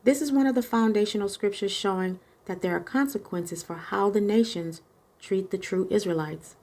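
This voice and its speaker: A woman giving scripted narration in an even, measured way. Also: mid-range voice.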